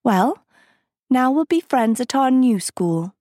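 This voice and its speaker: A woman voicing a bright, eager teenage girl who is earnest and proud, in a storybook reading. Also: high-pitched, animated, slow, dry recording, clean studio sound, pitched above the performer's own voice, heavily acted.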